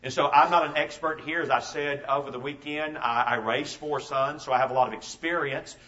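A man's voice: on the high side, fairly even intonation, a little fast, sharp tone, distant mic. A man in his fifties preaching a sermon as a pastor, telling stories emphatically and repeating his key phrases. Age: 50s. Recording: dull lo-fi sermon recording.

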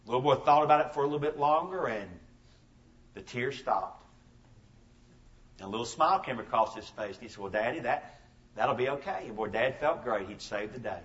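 A man's voice: medium pitch, expressive, fairly quick, long pauses, fairly bright tone, distant mic. A man in his fifties preaching a sermon as a pastor, telling stories emphatically and repeating his key phrases. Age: 50s. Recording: dull lo-fi sermon recording.

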